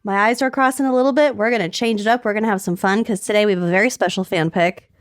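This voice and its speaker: A young adult woman co-hosting a podcast, chatting casually with quick, giggly banter. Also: medium pitch, fairly even intonation, no room sound, studio quality. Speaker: podcast co-host. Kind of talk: casual chat.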